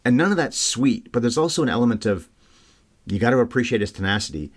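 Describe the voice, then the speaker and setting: A man co-hosting a podcast, chatting casually and with energy about a film. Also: medium pitch. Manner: chatty, animated, quick. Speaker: podcast co-host. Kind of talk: casual film-review chat.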